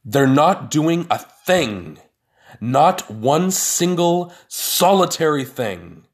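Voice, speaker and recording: A man voicing a boastful, blustering brother-in-law who rants loudly and indignantly. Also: mid-range voice, expressive, slow, voice pushed up. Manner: loud indignant ranting.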